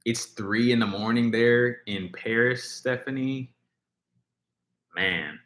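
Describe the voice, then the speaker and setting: Taking his time, a man with a mid-range, slightly bright voice chats with his livestream viewers while reacting to music. He reads their comments in a rambling way, full of fillers and restarts. The sound echoes as if in a roomy space.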